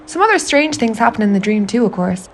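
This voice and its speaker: A woman's voice: on the high side, big pitch swings, quick pace, a little hiss or hum. A woman with an Irish accent narrating a confiding spoken-word monologue, intimate, wry and sweary. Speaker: narrator of an autofictional audio artwork.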